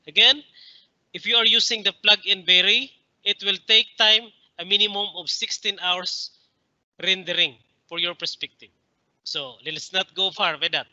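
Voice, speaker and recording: Guy walking through a software tutorial, really bright sharp voice, dull lo-fi sound. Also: high-pitched, no echo. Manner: explanatory, addresses viewers as friends, frequent fillers. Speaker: instructor. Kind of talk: software tutorial, screen-recorded.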